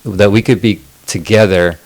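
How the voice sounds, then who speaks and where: A man's voice: fairly low pitch, steady tone, moderate pace, a little mellow. A man co-hosting a podcast, telling a long story in casual chat, rambling and swearing, full of fillers. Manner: rambling, profane, lots of fillers. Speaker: podcast co-host.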